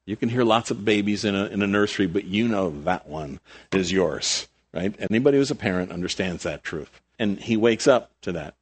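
Conversational male preacher, animated delivery. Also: lowish voice, fairly quick, husky. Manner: conversational, animated with sudden rises and soft drops. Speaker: pastor. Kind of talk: sermon.

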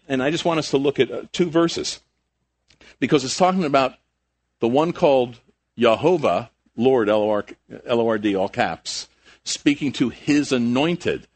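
A man preaching a sermon, emphatic, with rhetorical questions and frequent restarts. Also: medium pitch. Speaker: pastor.

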